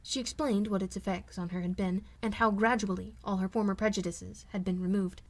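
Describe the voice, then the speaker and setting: A woman's voice: medium pitch, steady tone, a little fast, darkish tone. Woman reading a classic novel aloud. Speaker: audiobook reader. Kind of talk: amateur audiobook narration.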